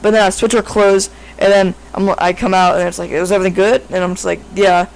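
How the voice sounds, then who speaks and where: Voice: mid-range voice, little pitch movement, brisk, vocal fry, slight background noise, low-quality recording. A speaker telling a made-up story in a casual, improvised way, rambling with lots of fillers and frequent self-corrections.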